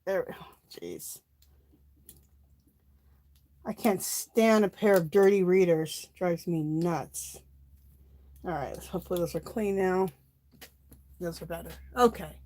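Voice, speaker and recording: Slow and mellow, her lowish voice pauses often. A middle-aged woman hosting a home craft stream, she chats casually, says hello to viewers by name, and sounds a bit out of breath.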